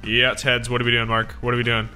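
A man's voice: mid-range voice, monotone, quick pace, bright, forceful tone, faint music behind. A man hosting a video game podcast, chatty and upbeat, laughing easily. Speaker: podcast host. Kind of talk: casual chat.

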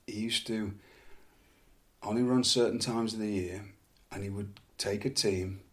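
A middle-aged man from England, a former wrestler, telling animated anecdotes in a casual chat with frequent laughs and repeated words. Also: lowish voice, measured pace.

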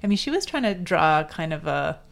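A woman's voice: sits low, sing-song, brisk, gravelly. A woman co-hosting a podcast in casual chat, chatty and inquisitive, often restarting her sentences. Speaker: podcast co-host.

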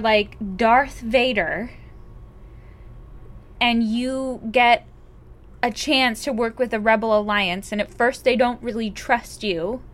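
A woman in casual conversation, teasing and argumentative. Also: medium pitch.

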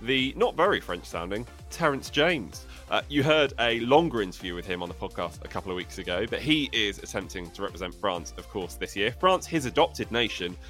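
A man's voice: fairly low pitch, sing-song, brisk, hardly any pauses, a bit bright, soft background music. A man co-hosting a podcast in casual chat, rambling and self-mocking. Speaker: podcast co-host.

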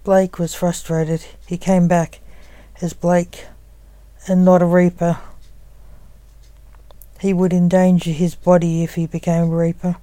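Slow low-voiced woman narrator. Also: level tone, dark tone, dry recording. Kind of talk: reading a story aloud.

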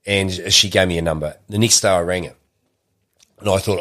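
A man's voice: deep voice, steady tone, a little fast, long pauses, fairly bright tone. A man, telling a long personal story in casual chat, rambling with many restarts. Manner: rambling, restarts often, acts out quotes.

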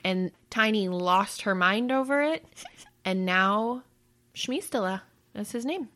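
A woman's voice: medium pitch, expressive, slow, bright, forceful tone. A woman hosting a casual family chat, asking a child questions in a playful, upbeat way and laughing easily.

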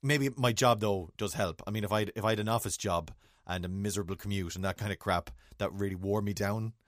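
A man's voice: lowish voice, a little fast, no room sound, clean studio sound. A man, a radio host chatting casually, joking and rambling with restarts. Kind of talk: casual chat.

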